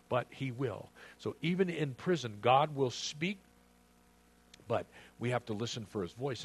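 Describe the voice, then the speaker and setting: A man preaching with earnest, conversational warmth. He keeps turning to his listeners with questions. When he reads scripture he slows down and leans on each phrase, and his voice sits in a plain middle register. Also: medium pitch, a little hiss or hum. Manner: reads scripture aloud with slow emphasis. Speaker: pastor. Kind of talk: sermon.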